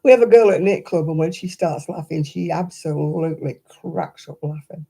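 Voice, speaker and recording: A woman's voice: low-pitched, moderate pace, creaky, warm tone, breathy edge. An older woman hosting a crafting livestream, telling stories in casual chat and laughing often as she talks. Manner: chatty anecdotal storyteller, laughs often.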